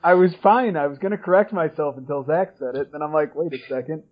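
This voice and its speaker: A man's voice: on the high side, fast talker. A man co-hosting a casual wrestling podcast, joking with his friends. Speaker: podcast co-host. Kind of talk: casual chat. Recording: dull lo-fi podcast audio.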